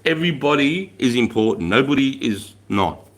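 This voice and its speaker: A middle-aged man with an Australian accent hosts a relaxed livestream. He talks bluntly and casually, peppering his talk with slang and swearing. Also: medium pitch, moderate pace. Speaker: livestream host.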